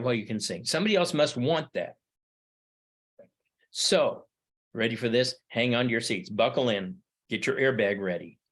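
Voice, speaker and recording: A man's voice: medium pitch, a bit bright. Middle-aged male history teacher, emphatic, rhetorical lecture style. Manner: emphatic, with repeated rhetorical questions. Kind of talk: classroom lecture.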